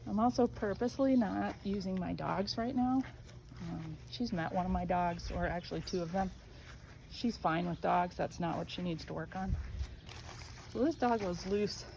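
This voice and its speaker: A woman dog trainer demonstrating outdoors, explaining calmly and then gushing high-pitched praise at a dog. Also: moderate pace, gravelly, low-quality recording. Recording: outdoor noise and birdsong.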